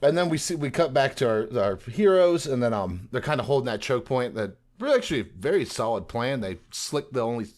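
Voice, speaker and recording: Animated man retelling a story, voices flying. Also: mid-range voice. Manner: animated retelling, slipping into quick character voices. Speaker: podcast co-host. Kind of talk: casual podcast discussion.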